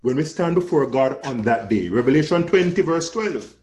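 A man's voice: medium pitch, expressive, moderate pace, darkish tone. A man preaching a sermon with an emphatic, rising and falling cadence, calling listeners his friend.

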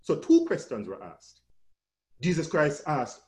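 A man's voice: mid-range voice, very animated, moderate pace, warm tone. A man preaching a sermon with an emphatic, rising and falling cadence, calling listeners his friend.

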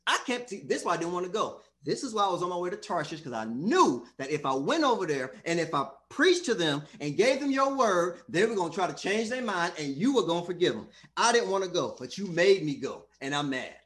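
A man's voice: sits high, sing-song, fairly quick, hardly any pauses, fairly bright tone. A preacher playing an indignant male prophet who rants at God about being made to go. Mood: angry ranting. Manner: ranting, complaining, heated.

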